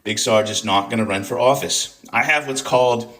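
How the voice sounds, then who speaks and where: A man's voice: mid-range voice, moderate pace, fairly bright tone. Angry male commentator, profane, venomous rant delivery. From United States. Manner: furious, profane, sarcastic. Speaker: political commentator.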